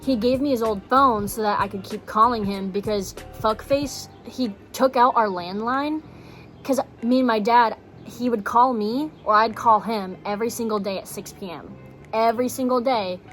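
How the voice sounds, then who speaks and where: A woman's voice: fairly high pitch, normal speed, a bit bright, soft background music. A young woman from Texas telling a personal story in a casual vlog, blunt and swearing, full of "like" fillers. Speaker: vlogger.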